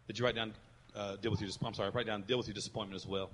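A male pastor preaching a sermon in a church, swinging between loud emphatic lines and soft quiet ones. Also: on the low side, little pitch movement, very fast, a little hiss or hum. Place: church sanctuary with congregation. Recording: reverberant hall.

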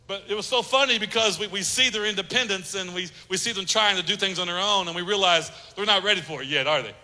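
A man's voice: high-pitched, quick pace, sharp tone. A man preaching a sermon as pastor, emphatic, repeating phrases and acting out little quotes. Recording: long hall reverb.

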